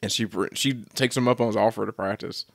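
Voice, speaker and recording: A laid-back man chatting on a podcast in a low, gravelly voice, recorded close and dry. He retells scenes plainly, tossing in casual swearing. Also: fairly even intonation, fast, dry recording. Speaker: podcast co-host. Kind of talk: casual chat recapping a manga.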